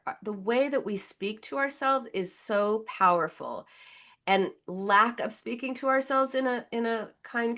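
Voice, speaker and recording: A woman guest, a therapist, giving conversational advice in an animated way and acting out the voices she quotes. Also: mid-range voice, creaky. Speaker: psychotherapist guest.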